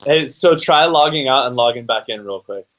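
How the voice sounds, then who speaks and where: A man's voice: medium pitch, animated, normal speed, background noise. Upbeat male live-stream host. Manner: upbeat, joking, directs the guests.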